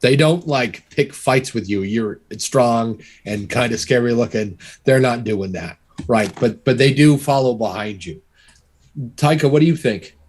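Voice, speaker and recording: A man's voice: mid-range voice, unhurried. A man narrating as game master, talking loosely with many restarts and fillers. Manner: relaxed, filler-heavy narration with frequent restarts.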